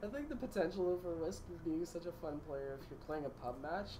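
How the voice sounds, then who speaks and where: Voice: medium pitch, animated, fairly quick, dark tone. A caster with a Canadian accent giving chatty, rambling game commentary. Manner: chatty, rambling, self-correcting. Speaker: esports caster. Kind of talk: casual tournament casting. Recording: clear background noise.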